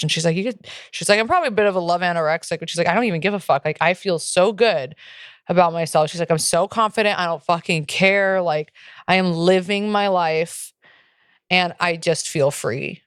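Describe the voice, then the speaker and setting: Young woman podcast co-host, low-ish smooth voice, dry close mic, candid and profane. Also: fairly quick, dry recording. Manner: candid, profane, heavy use of "like". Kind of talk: casual chat.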